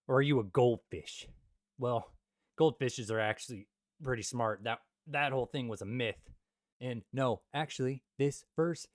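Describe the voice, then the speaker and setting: A young man hosting a comedic Bible commentary, joking with loud asides and quiet mutters. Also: fairly high pitch, no room sound, studio quality. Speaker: Christian video host.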